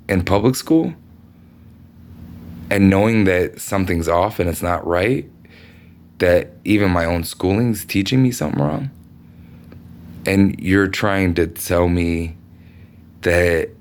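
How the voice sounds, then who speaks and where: A man from the United States talking through a meandering personal monologue, swearing often and leaning on fillers. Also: deep voice. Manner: meandering, profane, many fillers.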